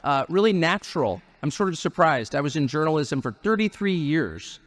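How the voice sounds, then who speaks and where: A man's voice: on the high side, big pitch swings, moderate pace. A man in his fifties giving a rally speech with wry, joking asides. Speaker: guest speaker at a political rally.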